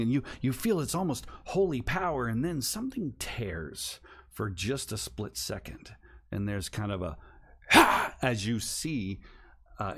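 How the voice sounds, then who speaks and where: A man's voice: deep voice, husky. A man narrating a tabletop horror game as game master, building suspense and sometimes dropping to a whisper.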